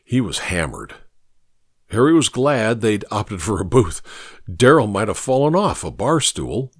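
A man narrating an audiobook in a measured, storytelling way. His voice is lively, moving all over in pitch, and the recording is dry and close with no room sound. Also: no echo.

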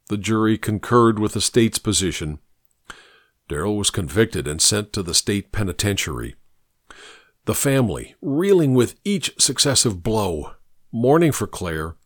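A man reading a story aloud in a measured storytelling manner. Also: on the low side, big pitch swings, dry recording, studio quality. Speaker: narrator. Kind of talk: audiobook narration.

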